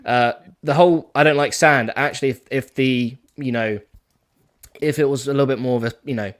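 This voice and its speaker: A man's voice: mid-range voice, fairly quick. A British man, a guest on a livestream, chatting casually with plenty of hedging fillers over a home microphone. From United Kingdom.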